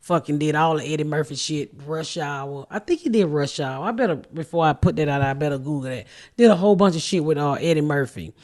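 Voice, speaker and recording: A middle-aged woman, hosting a podcast and telling profane, animated stories in casual chat. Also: low voice, fast. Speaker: podcast host and comedian.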